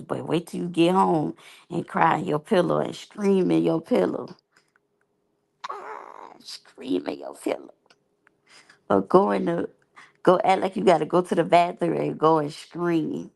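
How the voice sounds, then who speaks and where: A woman's voice: low voice, fairly even intonation, measured pace, creaky, a little mellow. A woman giving candid, rambling, slangy commentary as a reality TV reviewer. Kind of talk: casual unscripted commentary.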